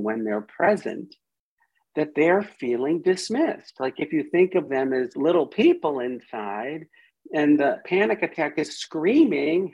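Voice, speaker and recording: A man's voice: a little high, husky, highs cut off. A man, a psychiatrist guest on a podcast, explaining with animation and acting out inner voices as quotes.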